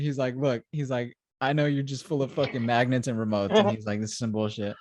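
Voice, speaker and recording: A podcast co-host with a mid-range voice talks quickly in a slightly mellow tone, recorded dry with clean studio sound. He's casually reviewing something, rambling through scenes, acting out quotes with "he's like" and laughing often.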